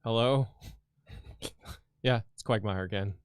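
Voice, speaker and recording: A man's voice: fairly low pitch, takes it slowly, clear, resonant tone, no echo, studio quality. A man streaming a game, chatting casually and joking with frequent laughs. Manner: giggly, joking, animated.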